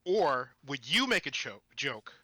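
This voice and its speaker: A man telling a story from his tabletop game as a podcast guest, animated and rambling with restarts. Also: medium pitch, measured pace, no echo. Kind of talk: casual storytelling chat.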